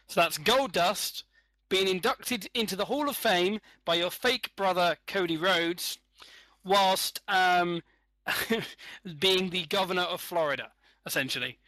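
A man's voice: sits high, a little slow, sharp tone, dry recording, low-quality recording. A man hosting a comedy podcast, laying out playful game-show setups. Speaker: host.

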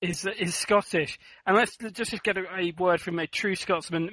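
A man's voice: high-pitched, fairly even intonation, moderate pace, sharp tone, dry recording, rough recording. A man hosting a comedic panel quiz show, joking and teasing the panelists as he runs the rounds. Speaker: quiz host.

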